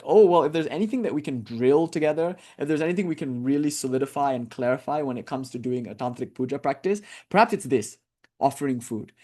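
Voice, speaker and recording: A man's voice: mid-range voice, darkish tone. A man giving a spiritual teaching as a dharma talk, conversational and impassioned, full of casual fillers. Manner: impassioned, conversational, many "like"s and "you know"s.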